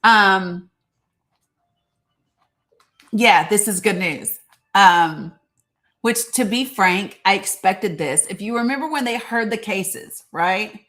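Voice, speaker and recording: A woman's voice: medium pitch, slow pace, pauses often, fairly bright tone. A woman hosting a casual live stream, commenting on the news with passion and reading legal text aloud between fillers and asides. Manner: impassioned and outspoken.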